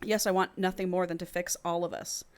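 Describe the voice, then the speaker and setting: A woman reading the lines of an apologetic, submissive young man from a book, in her own low voice. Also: fairly even intonation, brisk, clean tone, close to an everyday voice. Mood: contrite. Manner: contrite, hesitant.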